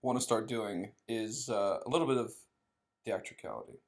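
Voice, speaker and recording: A man hosting a casual podcast from a couch, teasing his guest with deadpan jokes. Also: lowish voice, moderate pace. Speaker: podcast host. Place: living room couch. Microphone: podcast microphone.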